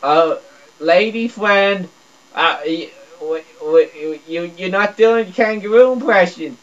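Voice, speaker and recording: Slow-paced and fairly bright in tone, a man creating gameplay videos offers comedic commentary, stammering and repeating himself in dopey broken grammar. His voice sinks to a mumble and leaps to a squeal on a dull lo-fi recording.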